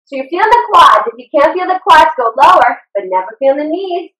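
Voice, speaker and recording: A woman fitness instructor leading a live online workout class over a video call. She exercises along as she coaches and sounds out of breath, giving steady, encouraging cues. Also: sits high, fairly quick. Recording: roomy sound from away from the mic.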